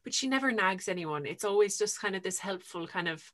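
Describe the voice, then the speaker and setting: A woman's voice: mid-range voice, expressive, a little fast, crowd noise. A woman co-hosting a podcast, retelling a book in a chatty, enthusiastic way with lots of fillers. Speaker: podcast co-host. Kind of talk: casual book chat.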